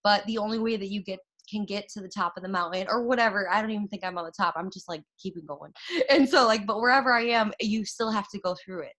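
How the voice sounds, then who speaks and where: A young woman, a fast talker with a mid-range voice, excitedly motivates her followers by chatting about her network marketing success. Her talk is loaded with fillers and laughter.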